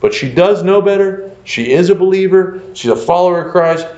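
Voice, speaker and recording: A man, a pastor, telling a story in a conversational lecture, animated and full of fillers like "like" and "you know". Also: sits high, fairly quick. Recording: echoey room, dull lo-fi sound.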